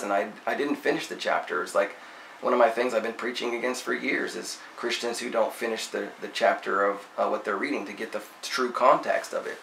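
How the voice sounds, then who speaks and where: Man, casual Bible teacher, low gravelly voice, faint noise in the recording. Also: a little fast, fairly bright tone. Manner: reads scripture aloud then paraphrases it in slangy everyday talk. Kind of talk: casual Bible study commentary. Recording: echoey room with faint noise.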